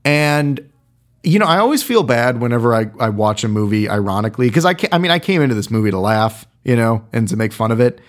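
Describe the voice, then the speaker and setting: A man's voice: medium pitch, expressive, fast. A man giving a casual, rambling film review in a wry, irreverent way, full of fillers.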